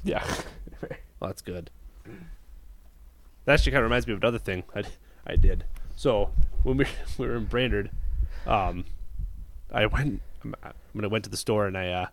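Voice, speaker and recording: A man's voice: fairly low pitch, vocal fry, a little hiss or hum. A man chatting casually on a podcast, telling rambling, profane stories with frequent restarts. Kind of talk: casual chat.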